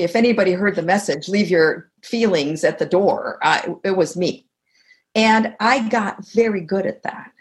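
An older woman, a guest author and teacher, talking reflectively in an interview and telling anecdotes. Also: fairly low pitch. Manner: reflective, tells anecdotes, animated when quoting others. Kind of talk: conversational interview. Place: video call.

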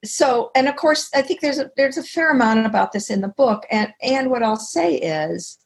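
A middle-aged woman being interviewed as a communication expert, explaining with animated stories and acting out bits of dialogue. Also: high-pitched, normal speed, gravelly, husky. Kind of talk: conversational interview.

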